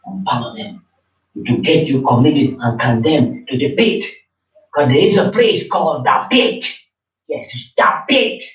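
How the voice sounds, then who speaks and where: A man's voice: medium pitch, big pitch swings, unhurried. A man preaching informally in blunt, slangy, confrontational talk to a listener. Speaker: religious teacher. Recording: distant, roomy, dull audio.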